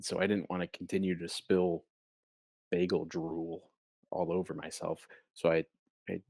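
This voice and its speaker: A young man with a low, deep voice chats casually as a comedy podcast co-host. He spins long, playful, rambling stories. The sound is dry and close, with no room echo.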